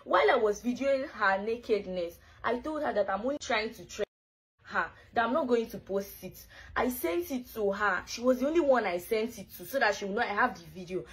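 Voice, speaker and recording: A woman's voice: a little high, expressive, brisk, low-quality recording. A woman in a played clip, pleading and apologizing over and over. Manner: pleading, repetitive.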